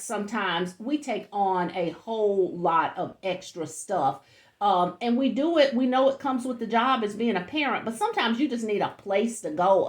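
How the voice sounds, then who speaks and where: A woman's voice: medium pitch, roomy sound. A woman coaching a group of parents, straight to the point and encouraging. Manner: straight to the point, encouraging, leads call-and-response icebreaker. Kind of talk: workshop talk to parents.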